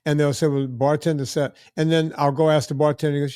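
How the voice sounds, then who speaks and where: A middle-aged man with a fairly high voice co-hosts a podcast. He tells stories bluntly and casually, often stumbling over his first words. The sound is close and dry. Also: little pitch movement, quick pace, hardly any pauses, a little mellow, clean tone, no room sound. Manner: blunt, storytelling, repeats words when starting. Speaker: podcast host. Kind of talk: casual chat.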